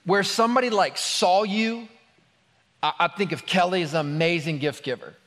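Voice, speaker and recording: A man's voice: sits high, moderate pace, a bit bright. A married man preaching a sermon, talking casually and joking with the congregation before praying and reading scripture. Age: adult, married. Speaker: pastor. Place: large hall with an audience. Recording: long hall reverb.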